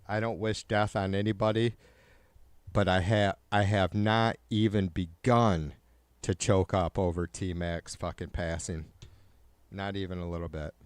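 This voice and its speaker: A man's voice: sits low, fairly even intonation, measured pace, smooth, no echo. A man hosting a livestream in casual chat, swearing constantly and ranting heatedly to his viewers. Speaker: livestream host.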